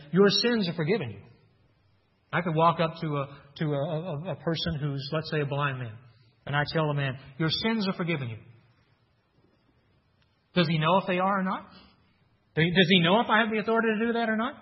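A man's voice: fairly high pitch, a little fast, pauses often. A man preaching a sermon in an earnest teaching tone, asking rhetorical questions and reading scripture aloud. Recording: dull sound with long hall reverb.

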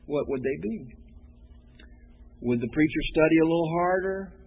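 Animated male preacher, slightly high and husky, heard over a thin, phone-like line. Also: normal speed. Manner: animated, acts out quoted voices; lively with pitch jumps and sudden loud bursts. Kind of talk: sermon.

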